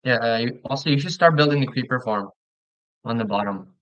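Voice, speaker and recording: A man chatting casually while playing a game with a friend, relaxed and talkative, often stumbling and restarting his sentences. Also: medium pitch, a little fast, no echo, lo-fi sound. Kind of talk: casual gaming chat.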